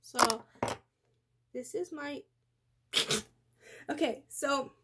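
A woman's voice: high voice, extremely slow, heavy background noise. A teenage girl rambling in a casual vlog, full of fillers and restarts, her voice worn from being sick. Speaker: vlogger.

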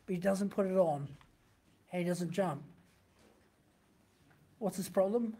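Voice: medium pitch, takes it slowly, dark tone. A pastor giving a sermon, teaching conversationally from a printed text and often asking the listeners rhetorical questions.

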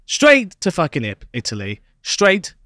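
Young male podcast co-host, animated and high-ish, playful storyteller, dry close sound. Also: measured pace, dry recording. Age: young adult. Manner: playful storytelling, lively swings in pitch. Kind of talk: comic casual chat.

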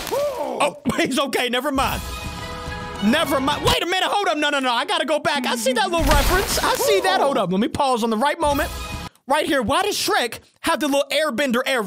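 High, lively reaction-video host. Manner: animated and incredulous, often pausing to replay. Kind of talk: comedic cartoon reaction commentary. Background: music from the cartoon being watched.

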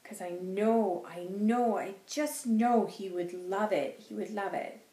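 A woman's voice: medium pitch, takes it slowly, warm tone, echoey room, natural voice. A woman voicing a small, hopeful little girl who pleads earnestly in a sing-song way. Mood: pleading.

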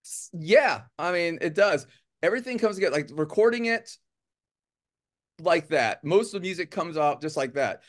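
A man's voice: on the high side, animated, normal speed. A man from the United States, a musician guest, chatting casually in an interview with a rambling, joking, self-deprecating manner.

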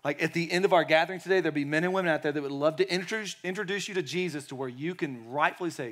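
A man preaching a sermon in a lively way, acting out quotes and dropping to quiet tones. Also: fairly high pitch, racing, few pauses. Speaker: pastor.

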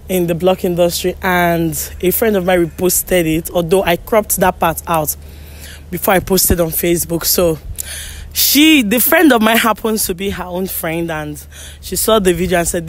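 Chatty woman vlogger. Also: lowish voice. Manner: chatty, upbeat, addressing viewers. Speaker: vlogger host. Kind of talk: casual vlog narration. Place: outdoors at a block-making yard.

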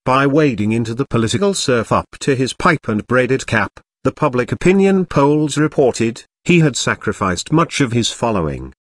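A man reading a history audiobook aloud in a measured, even narration. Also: mid-range voice, no echo, studio quality.

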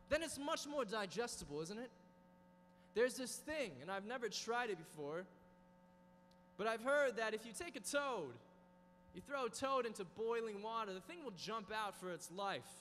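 A man's voice: sits high, lively intonation, moderate pace, a little hiss or hum. A man giving a dynamic sermon to a youth conference, acting out inner voices. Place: large conference hall. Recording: reverberant hall with soft music.

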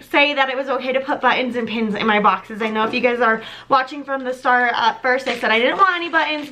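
A young woman recording a casual unboxing vlog, excitable and chatty, with lots of ums and little gasps. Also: high-pitched, a little hiss or hum. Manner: bubbly and excitable, many ums. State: slightly out of breath. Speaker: vlogger.

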